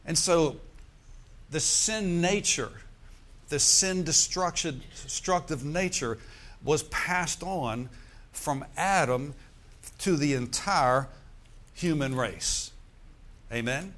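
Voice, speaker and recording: A man's voice: on the high side, fairly bright tone. Man preaching with call-and-response. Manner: preacher's call-and-response with "Amen?" and "Praise the Lord"; slows and stresses key words. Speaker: pastor. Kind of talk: sermon.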